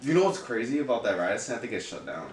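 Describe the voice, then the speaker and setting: A man's voice: medium pitch, big pitch swings, very fast, far from the mic. A young adult man, a podcast co-host, chatting casually in a laid-back way and laughing often. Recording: echoey room, a bit off-mic.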